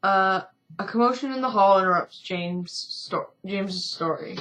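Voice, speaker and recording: A woman's voice: medium pitch, normal speed, a bit bright, low-quality recording. Tired woman reading a story game. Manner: chatty, self-correcting. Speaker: game streamer.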